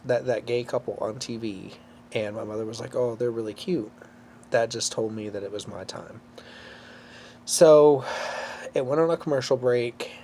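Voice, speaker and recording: A man telling a personal story to camera, emotional and halting, close to tears, with many fillers. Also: medium pitch, mellow, a little hiss or hum. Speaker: vlogger.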